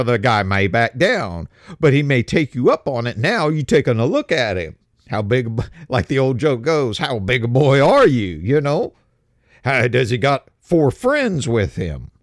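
A man from America talks through a casual commentary, often stumbling and repeating words before pushing on. His delivery swings up and down in pitch with a gravelly rasp. The sound is dry and close, with no room echo. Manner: halting, repeats words, restarts phrases. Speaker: political commentator.

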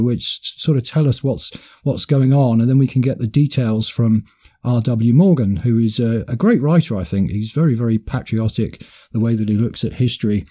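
A man's voice: mid-range voice, dark tone. A man hosting a history talk, reading quoted passages and often repeating words as he goes. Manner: hesitant, repeats words, reads passages aloud. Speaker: podcast host.

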